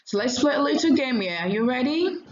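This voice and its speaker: A woman teacher giving a diction lesson, saying each word slowly and clearly and repeating it for learners. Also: high-pitched, lively intonation, echoey room, lo-fi sound.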